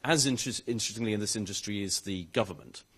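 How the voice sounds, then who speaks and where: A man, a rail regulator's chief executive, answering questions on a conference panel in a halting way, with frequent restarts and hedges. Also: fairly low pitch, fairly bright tone, slightly rough. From United Kingdom. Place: conference hall.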